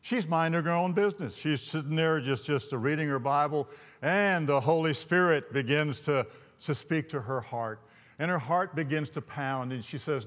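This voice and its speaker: Animated preacher in a reverberant hall. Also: male voice, on the high side, normal speed. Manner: animated, rambling, with many restarts. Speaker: pastor. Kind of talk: sermon storytelling.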